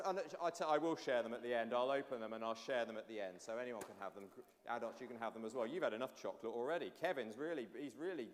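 A man, a pastor, giving an animated all-age sermon and addressing the children directly. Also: medium pitch, fast, hardly any pauses. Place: church. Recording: long church reverb.

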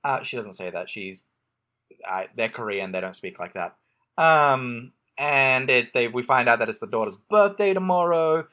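A man chats casually through a movie recap, his pitch bouncing up and down as he jokes. He rambles, circles back with "um" and "anyway," and keeps restarting his sentences. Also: expressive, normal speed, sharp tone. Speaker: podcast co-host recapping a film. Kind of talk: casual chat.

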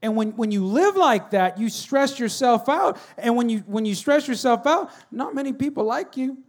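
Animated, high-voiced man preaching a sermon. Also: normal speed. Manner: animated, swings between loud acted shouting and quiet earnest talk. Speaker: pastor. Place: church.

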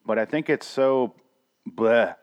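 A man co-hosting a podcast in casual chat, blunt and profane, acting out scenes with animated retellings. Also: on the low side, normal speed, highs cut off. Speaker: podcast co-host.

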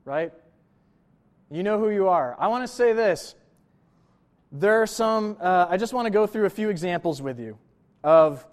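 A young adult male pastor with a notably high-pitched voice gives a sermon in a loose, conversational style. He talks to the congregation like friends, dropping in "right?" and "you know" as he goes.

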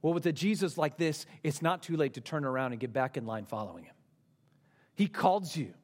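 A man preaching a sermon in a voice pitched a touch high. He is earnest and conversational, posing questions to his listeners, and he rises to emphatic peaks before falling to soft, quiet passages. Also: animated, a little fast. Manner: earnest preaching, rising to emphatic then dropping soft and low; conversational asides and rhetorical questions. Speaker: pastor.

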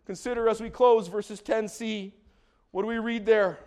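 A man preaching a sermon as pastor, exuberant, with shouted calls to the congregation and joking asides. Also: high voice, fairly even intonation, normal speed.

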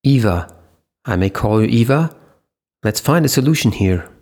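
A male narrator voicing a calm, diplomatic male doctor who tries to settle things down. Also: mid-range voice, normal speed. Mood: placating. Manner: calming, reasonable.

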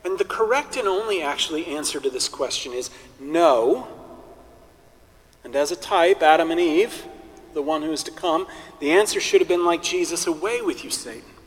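A male priest delivering a sermon in a conversational, animated way with wry humorous asides. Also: a little high, normal speed, big-room sound.

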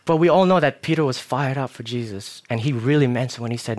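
A young man preaching a casual sermon, telling self-mocking stories with animated asides. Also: medium pitch, fast, few pauses.

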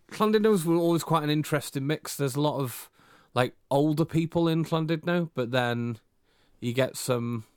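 A man's voice: medium pitch, clear, resonant tone, dry recording, clean studio sound. A young man co-hosting a podcast, telling a rambling, self-mocking story full of hesitations. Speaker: podcast co-host. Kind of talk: casual storytelling chat.

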